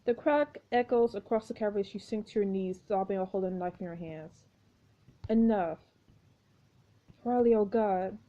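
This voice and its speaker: A woman reading a story game aloud with expressive commentary, exclaiming at each turn. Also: mid-range voice, a little fast, hardly any pauses. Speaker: gameplay narrator. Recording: dull lo-fi recording.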